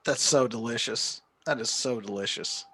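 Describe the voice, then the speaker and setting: A man's voice: medium pitch, normal speed, bright, forceful tone, breathy edge, dry recording. A man playing a tabletop game who speaks his character's lines in a theatrical, earnest way. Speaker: player. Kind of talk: tabletop role-play, in character.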